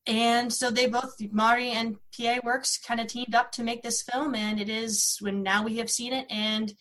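A woman's voice: fairly high pitch, flat delivery, normal speed, a bit bright. A woman hosting a podcast, talking casually and rambling with many fillers. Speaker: podcast host. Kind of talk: casual chat.

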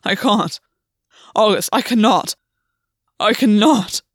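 A woman reading aloud and voicing a battle-worn male fae soldier with a rough, blunt voice. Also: medium pitch, slow pace, no room sound, studio quality. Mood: pleading. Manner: blunt, forceful.

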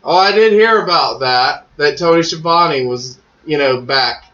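A man co-hosting a casual chat, excitable and swearing freely, with many "like" fillers. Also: on the high side, measured pace. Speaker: podcast co-host. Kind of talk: casual chat about pro wrestling. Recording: echoey, muffled lo-fi audio.

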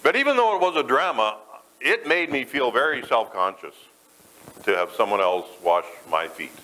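Conversational preacher with lively pitch. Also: male voice, normal speed, a little hiss or hum, low-quality recording. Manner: conversational, asks the congregation questions. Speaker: pastor. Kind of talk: sermon. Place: church.

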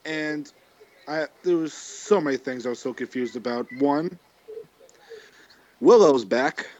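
Guy ranting and joking crude on a podcast, slightly high voice. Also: a little slow, a little mellow, highs cut off. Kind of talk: casual chat.

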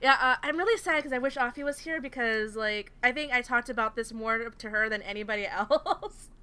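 Giggly bright-voiced young woman host. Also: fairly high pitch, fairly quick, clean tone. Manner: giggly, animated, reads in a mock-dramatic voice. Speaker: podcast host. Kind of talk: casual chat, reading a fanfic aloud.

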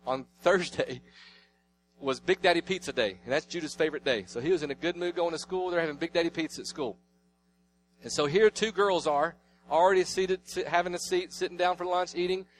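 A man in his thirties preaching a sermon, telling family stories and swinging between loud declarations and hushed asides. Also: fairly high pitch, slight background noise. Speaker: pastor.

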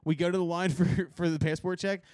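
A man's voice: high-pitched, level tone, a little fast, a little mellow, no echo, studio quality. A man hosting a podcast, telling a story in casual chat, slangy and rambling, laughing often as he talks. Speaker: podcast host. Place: podcast recording.

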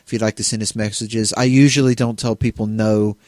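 A man co-hosting a podcast in casual chat, jokey and animated, stumbling over words now and then. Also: fairly low pitch, brisk, no room sound. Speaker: podcast co-host.

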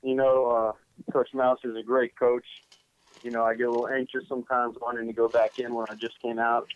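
Male athlete guest, modest, monotone delivery, dull phone sound. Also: mid-range voice, a little fast, dry recording. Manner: modest, plain, hesitant. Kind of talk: phone-in interview.

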